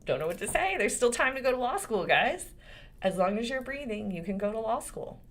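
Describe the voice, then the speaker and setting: A woman in her forties hosts her own channel as a lawyer and speaks casually to the camera. Her voice is lively and rises and falls a great deal, and she moves from firm legal points to laughing asides. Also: fairly high pitch, fairly quick. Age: 40s. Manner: animated and expressive, swinging between serious points and laughter.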